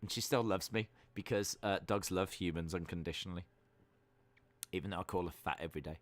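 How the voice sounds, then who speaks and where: A man's voice: deep voice, animated, brisk, pushed and bright, no echo. A young man hosting a casual watch-along stream, reading chat messages aloud with playful, teasing, self-mocking banter.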